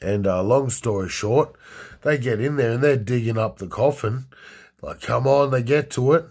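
A man's voice: mid-range voice, normal speed, darkish tone, husky. A young man casually telling a crude story, rambling with many fillers.

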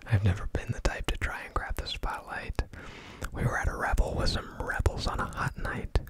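A man voicing a young woman in love, in a whispered role-play of a rap, soft and low. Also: rough recording.

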